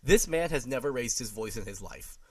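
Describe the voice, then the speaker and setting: A man co-hosting a podcast in casual chat, animated, laughing often and swearing freely. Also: mid-range voice, moderate pace, slightly rough, recorded from a distance. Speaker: podcast co-host.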